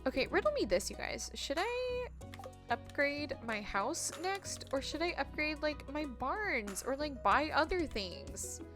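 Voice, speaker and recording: A woman's voice: sits high, very animated, measured pace, music in the background. A woman streamer chatting bubbly with her viewers while she plays a game live. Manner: bubbly, chatty, reads chat messages aloud. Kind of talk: live-stream gameplay chat.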